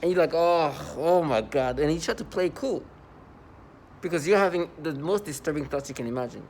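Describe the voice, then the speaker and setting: A man's voice: fairly high pitch, animated, fast talker, darkish tone, slight background noise. Rambling, agitated man talking to camera. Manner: rambling and repetitive, with many fillers and restarts; earnest and agitated. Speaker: vlogger. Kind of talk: unscripted monologue to camera.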